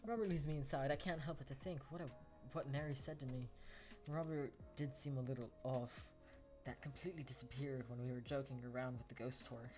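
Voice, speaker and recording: A man's voice: medium pitch, steady tone, a little fast, few pauses, over music. A male streamer casually reading a dating game aloud in a playful way.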